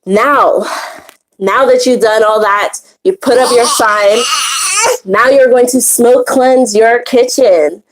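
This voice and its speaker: A woman's voice: fairly high pitch, slow, rough recording. A woman hosting a women's spiritual circle, teaching in a casual, rambling way with many fillers and restarts and easy laughs.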